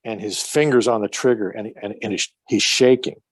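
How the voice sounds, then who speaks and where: A man's voice: fairly low pitch, a little fast, slightly rough, no echo. A man telling stories as a podcast guest in casual chat, profane and rambling with many restarts.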